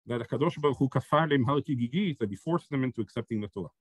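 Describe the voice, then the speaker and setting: A man's voice: medium pitch, animated, low-quality recording. Man teaching a text-study lesson. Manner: explains step by step, checks in with "right?" and "okay?"; reads Hebrew source text quickly, then explains it in English. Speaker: Torah teacher.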